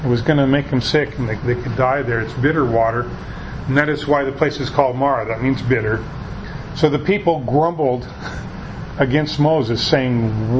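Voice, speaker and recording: A man giving a conversational sermon, talking in a folksy, halting way with frequent restarts. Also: mid-range voice, noisy background. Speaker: preacher.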